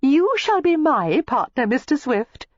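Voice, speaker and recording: A woman doing a shrill, giggly young society lady. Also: very animated, takes it slowly, dry recording, highs cut off, full character voice. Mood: giggly coy. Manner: shrill, trilling and coy. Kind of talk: audiobook character voice.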